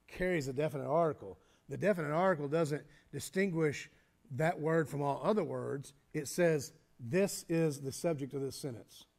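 Leading a church Bible study, this fairly high-pitched man works through the material step by step, posing his own questions and then answering them. His speech has frequent halting restarts, and he clears his throat.

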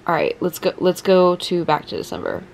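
A young woman vlogging at night, talking into her phone in a gushing, excited way and saying "like" a lot. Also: on the low side, brisk, vocal fry, a little hiss or hum. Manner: gushing, excited, heavy use of "like". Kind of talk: casual chat to camera. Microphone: phone held in hand.

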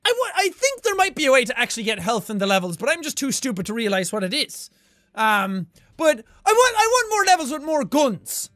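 A young Irish man giving energetic let's-play commentary, swearing constantly and yelping and cheering at the game. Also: very high voice, brisk, dry recording, studio quality. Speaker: gaming YouTuber.

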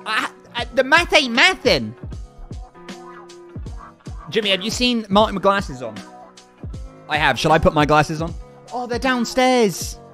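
A young man chatting on a live stream, excitable and hyped, often repeating himself. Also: high-pitched, a little slow, pauses often, faint music behind. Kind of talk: casual live-stream chat.

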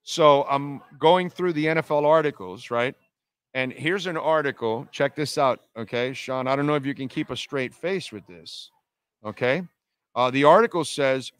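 A man's voice: medium pitch, moderate pace, fairly bright tone, clean tone, no room sound. A man hosting a sports talk radio show, talking bluntly in a rambling monologue full of fillers and restarts. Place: casino venue, live broadcast.

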